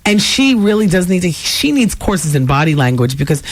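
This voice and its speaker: A woman hosting a talk radio show, chatting through celebrity gossip in a lively way with asides to listeners. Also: lowish voice, moderate pace, no echo. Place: radio studio.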